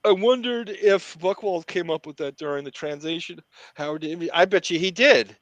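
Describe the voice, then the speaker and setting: A man co-hosting a podcast in casual, profane chat, quick and full of restarts. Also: sits high, a bit bright, no echo. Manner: quick, profane, self-interrupting, yawns. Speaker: podcast co-host.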